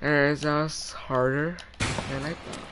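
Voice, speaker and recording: A man's voice: on the high side, level tone, a little slow, background noise. A man streaming a game with friends, chatting casually, joking and teasing them. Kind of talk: casual gaming chat. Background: loud game music and gunfire.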